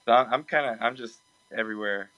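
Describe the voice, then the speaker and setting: A man's voice: medium pitch, quick pace, no room sound, highs cut off. A man being interviewed over a video call, talking casually and hesitantly with many ums and restarts. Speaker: production assistant and music producer.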